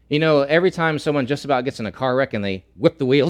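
Male pastor preaching, repeats himself a lot, goes loud then quiet and slow. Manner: swings between loud emphatic repetition and low slow hushed lines. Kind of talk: sermon.

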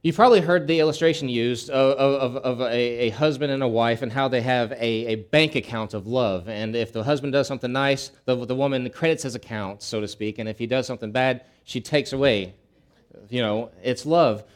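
A male pastor delivering a sermon in an easygoing, storytelling way. His voice sits in an ordinary middle pitch, and he often circles back and restarts phrases as he talks. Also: a little fast. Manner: folksy storytelling with frequent restarts.

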